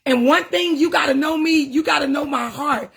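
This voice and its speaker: A woman's voice: sits high, moderate pace, gravelly. A woman minister talking casually to her followers, passionate and preachy, emotional at times. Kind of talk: casual livestream talk.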